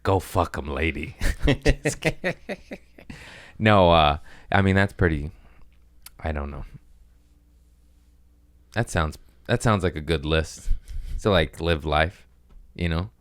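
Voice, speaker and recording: A man's voice: rumbling low, slow, long pauses, fairly bright tone, no room sound, clean studio sound. A man hosting a casual comedy podcast, rambling in a profane, self-mocking way. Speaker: podcast host. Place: at home, gardeners working outside.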